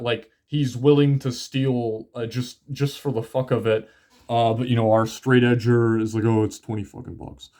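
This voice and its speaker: A man's voice: mid-range voice, a little mellow. A young man casually reviewing a comic, rambling with many fillers, swearing often and laughing. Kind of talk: casual chat.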